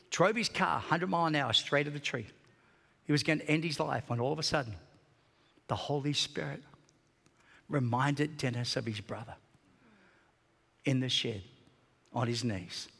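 A male pastor preaching a sermon in a large church, telling stories with passion, swinging between shouting and hushed tones. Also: mid-range voice, normal speed, creaky, pauses often, long reverb tail.

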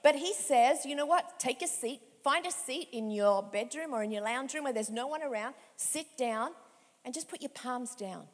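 A woman's voice: high-pitched, lively intonation, moderate pace. A woman in her fifties, a pastor giving a conversational sermon with emphatic repetition, in a reverberant hall. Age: 50s. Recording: echoey hall with long reverb.

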